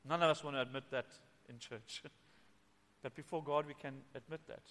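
A man preaching a sermon as pastor at a church meeting, swinging from soft and hushed to loud and emphatic. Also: fairly high pitch, fairly even intonation, brisk, long reverb tail.

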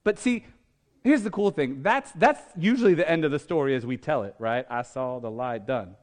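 A man's voice: fairly high pitch, animated, moderate pace. A male pastor preaching a sermon in a conversational way, reading scripture and asking the congregation questions. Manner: reads scripture aloud, acting out the speakers' lines.

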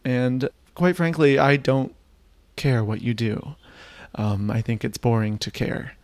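A man from the United States telling a comic personal story on a podcast, wry and animated, jumping up in pitch for emphasis. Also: takes it slowly, pauses often, dry recording, soft background music.

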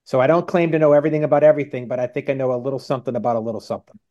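A man's voice: medium pitch, fairly even intonation, very fast, dark tone, dull audio. Confident man explaining as an interview guest. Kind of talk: interview answers.

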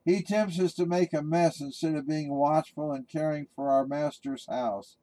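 Warm folksy male preacher. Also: a little high, steady tone, normal speed, poor audio. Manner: conversational, folksy, with restarts. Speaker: pastor. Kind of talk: sermon with storytelling.

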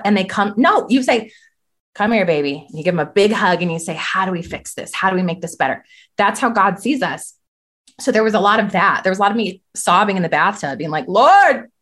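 A woman's voice: medium pitch, a bit bright. Earnest woman sharing faith testimony. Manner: earnest, emphatic repetition. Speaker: podcast guest.

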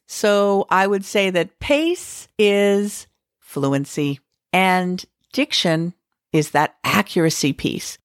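A woman's voice: medium pitch, dry recording, clean studio sound. A woman teacher hosting an educational podcast, talking in a conversational way and musing aloud with the odd filler.

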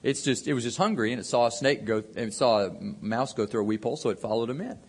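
A man's voice: mid-range voice, fast, slightly rough. A preacher putting on the voice of his very dramatic uncle, who gets alarmed and pushy. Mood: explaining. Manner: frantic, alarmed outbursts. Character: excitable, very dramatic uncle, a grown man.

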